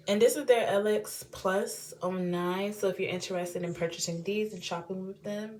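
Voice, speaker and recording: A young woman from Washington, D.C., with a D.C. accent, chatting in a casual unboxing vlog in her home bathroom. She talks in lively slang, with big swings in pitch and loudness. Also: moderate pace, hardly any pauses. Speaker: beauty vlogger.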